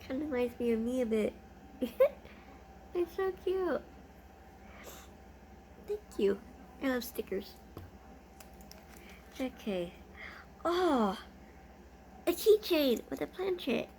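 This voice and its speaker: Woman vlogger, gushing unboxing chat, high pitch with a gravelly edge. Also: sing-song, unhurried, pauses often, warm tone, a little hiss or hum. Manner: gushing, easily delighted.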